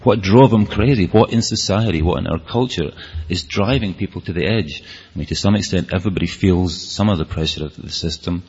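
Scottish man, low husky voice, earnest rambling public talk, dull lo-fi hall sound. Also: a little fast, a little mellow. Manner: earnest, rambling, with frequent restarts. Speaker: speaker.

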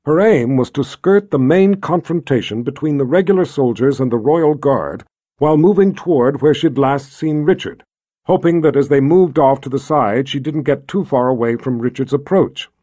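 A man reading a fantasy novel aloud in a steady, measured narration. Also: mid-range voice, no room sound, clean studio sound. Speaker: audiobook narrator.

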